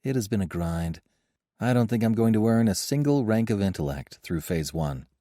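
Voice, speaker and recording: A man voicing a young male adventurer, sarcastic and joking, keeping steady in danger. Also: fairly low pitch, moderate pace, no echo, studio quality, lightly acted. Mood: wry.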